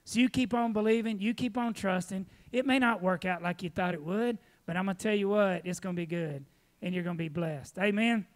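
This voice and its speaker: A man preaching at a church, telling folksy stories with lively laughter, then giving announcements. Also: high-pitched, fairly quick. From Texas. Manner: folksy storytelling, animated, laughing often. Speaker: pastor.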